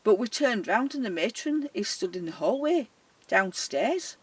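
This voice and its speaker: Brief: care worker spinning a lively anecdote, mid-pitched, slightly off-mic. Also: measured pace, slightly rough, dry recording. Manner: animated, dialect-heavy, often laughing, acting out the voices in the story. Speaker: storyteller. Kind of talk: personal anecdote, casual storytelling. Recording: voice a little distant from the mic.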